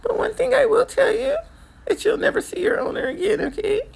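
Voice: extremely high pitch, expressive, brisk, vocal fry, voice pushed up, exaggerated voice, poor audio. A comedian voicing a gushing woman who coos tearfully to a rescued dog in baby talk. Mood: tearful doting.

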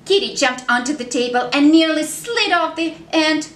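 Woman children's story reader; high, slow, animated sing-song delivery; echoey room, faint noise. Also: recorded from a distance. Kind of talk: reading a picture book aloud to children.

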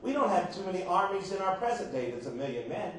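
Male pastor, emphatic sermon delivery, high voice, far from the mic in a booming echoey church. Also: big pitch swings, quick pace, fairly bright tone, slight background noise. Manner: emphatic preaching with rhetorical questions to the congregation.

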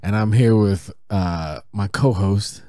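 Brief: male host, slightly low voice, cheesy radio announcer patter, joking. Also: takes it slowly, dark tone, dry recording, clean studio sound. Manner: mock DJ announcer, playful and teasing. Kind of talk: improvised parody radio banter.

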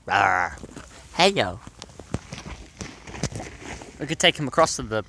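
A man's voice: a little high, very animated, measured pace, pushed and bright, slight background noise. A young man vlogging outdoors by a reservoir, chatting playfully and joking while he films his dog. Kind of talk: casual commentary while filming a dog.

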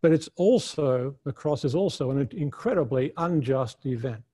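Man, somewhat high voice, earnest teaching, frequent restarts, conference lecture. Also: a little mellow, breathy edge. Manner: earnest, thinks aloud with frequent restarts and fillers. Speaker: Bible teacher. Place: conference room.

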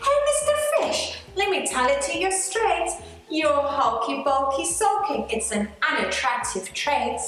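A woman's voice: high voice, very animated, unhurried, a bit bright, exaggerated voice. A woman doing a blunt straight-talking octopus. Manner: blunt, lecturing. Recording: echoey room, faint music.

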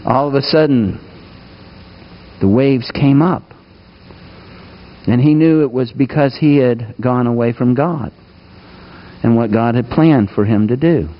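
A man preaching a sermon, asking his listeners questions and moving between raised, urgent lines and hushed asides. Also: medium pitch, a little slow, pauses often, lo-fi sound. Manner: asks the congregation questions, swings between raised and hushed delivery. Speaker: pastor.

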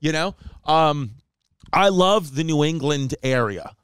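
A man from New York, a comedian hosting a podcast, telling stories in casual chat and jumping up in pitch for quoted voices. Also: lively intonation, takes it slowly, a bit bright, smooth, no echo, clean studio sound.

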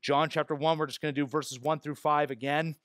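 Higher-voiced pastor preaching, dry sound. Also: male voice, flat delivery, fairly quick, no room sound. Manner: earnest preaching with self-deprecating asides; hushed, low prayer voice. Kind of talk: expository sermon. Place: church sanctuary.

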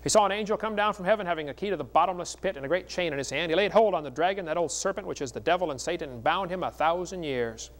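Folksy preaching man, a bit high. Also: fast talker, hardly any pauses. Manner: folksy, joking, animated storytelling. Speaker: evangelist speaker. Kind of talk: seminar preaching with storytelling.

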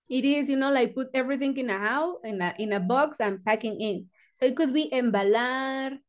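Woman, high voice, book club teacher, chatty, filler-heavy explaining. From Mexico. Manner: chatty, loose, full of "you know, like" fillers. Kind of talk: reading aloud and explaining vocabulary.

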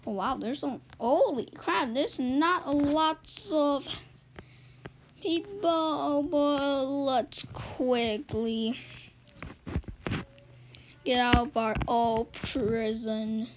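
A woman giving let's-play game commentary as a YouTuber, swinging between loud excited yelps and low muttered asides. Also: drawn-out words, pauses often, noisy background. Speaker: gaming YouTuber.

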